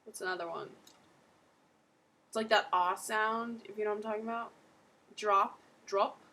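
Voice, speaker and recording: A woman's voice: medium pitch, fairly even intonation, brisk, fairly bright tone, low-quality recording. A woman giving a casual accent tutorial on a webcam, rambling with lots of filler words.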